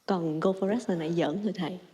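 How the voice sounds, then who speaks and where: A woman asking her teacher a question in a quick, playful way. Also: on the low side, fairly even intonation, mellow.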